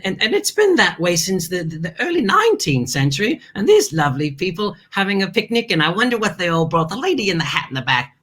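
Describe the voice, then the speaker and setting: Playful, theatrical woman host with lively pitch. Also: slightly rough. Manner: theatrical, playful, chatty asides; addresses viewers as darling. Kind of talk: hosting a kids' learning show.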